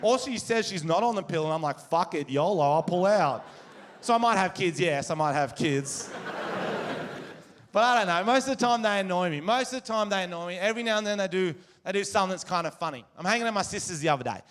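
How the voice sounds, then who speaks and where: An Australian man doing stand-up comedy, telling crude, animated stories on stage. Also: sits high, quick pace. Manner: crude, animated storytelling with crowd laughter. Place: live comedy venue with audience. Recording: live stage recording with crowd. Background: audience laughter.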